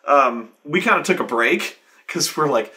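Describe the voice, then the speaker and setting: Bright-voiced man telling a profane story. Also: on the high side, measured pace. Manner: animated, profane, rambling with restarts. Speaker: show host. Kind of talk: casual storytelling.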